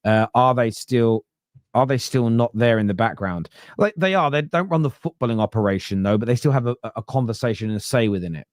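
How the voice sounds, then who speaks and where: A man hosting a casual football fan podcast, talking in an animated way and often tripping over his words. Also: medium pitch, brisk, no room sound, studio quality. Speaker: podcast host.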